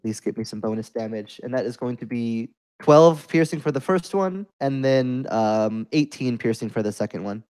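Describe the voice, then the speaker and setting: A man playing a tabletop game, declaring his moves in a measured, hesitant way. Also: mid-range voice, lively intonation, a little mellow, clear, resonant tone, low-quality recording. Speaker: player.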